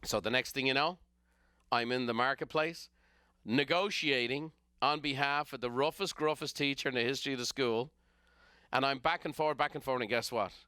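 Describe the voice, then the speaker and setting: A middle-aged man with an Irish accent tells stories for a motivational business podcast, acting out the characters as he goes. His voice sounds bright and crisp. The recording is close and dry. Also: medium pitch, moderate pace, dry recording. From Ireland. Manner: animated storyteller who acts out characters. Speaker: business coach and podcast host. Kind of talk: storytelling motivational talk.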